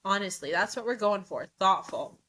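A woman's voice: medium pitch, expressive, normal speed, bright, forceful tone. A young woman hosting a podcast, talking candidly in a blunt, profane, emphatic way and laughing often. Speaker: podcast host. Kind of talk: candid casual monologue.

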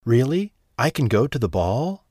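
A man voicing a gentle, tearful young woman from a storybook, speaking softly with a hopeful plea. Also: medium pitch, very animated, normal speed, breathy edge, no echo. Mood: amazed. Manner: soft, tearful pleading.

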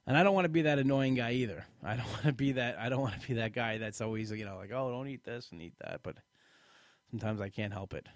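A man's voice: mid-range voice, fast, no echo, studio quality. A man hosting a casual live podcast, chatty and self-deprecating, a bit tired and rambling with restarts. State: tired, yawning. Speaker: podcast host.

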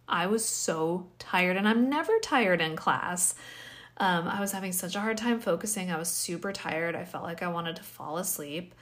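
A woman's voice: on the low side, a bit bright. Tired, rambling woman podcaster. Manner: rambling, self-questioning, with sighs and small laughs. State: tired, yawning. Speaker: podcast host. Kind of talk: casual solo podcast monologue.

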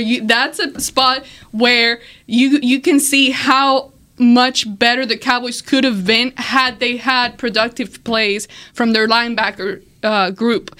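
A woman on a sports podcast panel, giving a measured opinion that weighs both sides. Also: fairly high pitch, pushed and bright. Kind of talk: casual sports talk.

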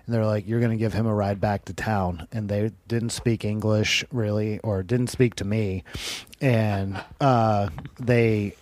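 A man's voice: on the low side, steady tone, a little slow, a little mellow, no room sound. Rambling man telling a story. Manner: rambling, heavy use of "like", swearing. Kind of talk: casual storytelling.

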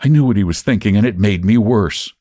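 A man reading a short story aloud as host of a literature podcast, with an expressive storytelling delivery. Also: lowish voice, brisk, dry recording, studio quality. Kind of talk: audiobook-style story narration.

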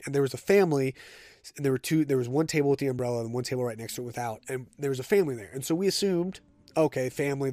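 A man's voice: medium pitch, no room sound, studio quality. A man hosting a casual solo podcast, telling stories in a chatty, conversational way. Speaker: podcast host.

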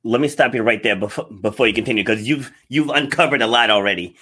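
Guy hosting an interview, bright forceful voice, jumps in with quick questions. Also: medium pitch, breathy edge. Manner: brief encouraging interjections, steering questions. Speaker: host.

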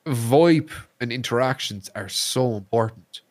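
Irish man, podcast guest, casual chat, animated storytelling, swears, medium pitch. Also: measured pace. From Ireland. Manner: animated storyteller, swears freely, acts out quotes.

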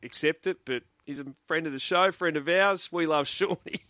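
A man with an Australian accent hosting sports radio, reading out listener texts briskly and chatting with his co-host. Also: on the high side, bright, forceful tone, no echo, studio quality.

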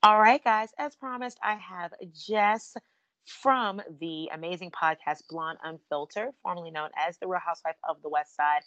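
A woman's voice: on the low side, normal speed, a bit bright, no room sound, dull audio. A woman hosting a podcast, chatting casually and bubbly with lots of asides. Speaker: podcast host.

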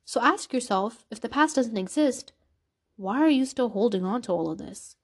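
A woman's voice: a little high, lively intonation, moderate pace, breathy edge. Earnest woman telling a personal story. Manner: earnest, confessional, reenacts dialogue. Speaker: podcast host.

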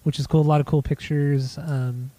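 An easygoing man chats about his record finds, hesitating often and casually swearing. His voice is slightly high with a warm, mellow tone. The sound is close and dry. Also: little pitch movement, moderate pace, no room sound. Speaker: podcast co-host.

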